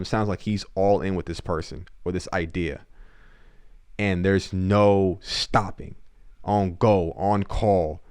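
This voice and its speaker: A man with a fairly low voice talks through a music reaction in loose, slangy commentary. He is earnest and often addresses the artist directly. The sound is dry and close, with little room. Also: fairly even intonation, measured pace, darkish tone, smooth, no room sound.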